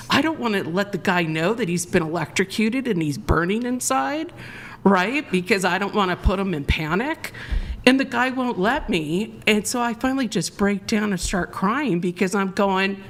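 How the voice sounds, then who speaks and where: A woman guest on a live talk show, telling a long story in an excitable, rambling way, restarting her sentences. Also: mid-range voice, normal speed.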